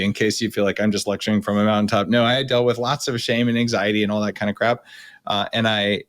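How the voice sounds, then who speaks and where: Blunt, low-voiced male podcast host. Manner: blunt, emphatic explainer with casual slang. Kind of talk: coaching conversation.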